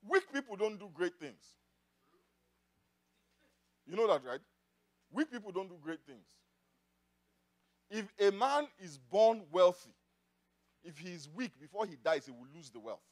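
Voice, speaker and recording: A man preaching a sermon in church, swinging from loud declarations to quiet asides. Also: high-pitched, big pitch swings, a little slow, long pauses. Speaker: pastor.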